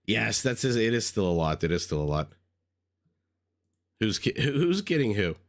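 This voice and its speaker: A man's voice: on the low side, sing-song, normal speed. A man recovering from a cold, chatting through live game commentary, thinking aloud and greeting viewers. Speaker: game caster. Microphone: desk microphone.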